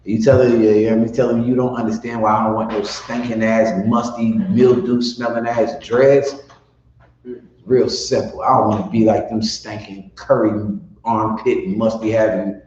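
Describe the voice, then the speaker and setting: Speaking at normal speed with little pitch movement, a male teacher with a lowish, somewhat mellow voice runs a casual class bluntly, profanely, and ramblingly. The room echoes, and the dull lo-fi recording carries a bit of hiss or hum.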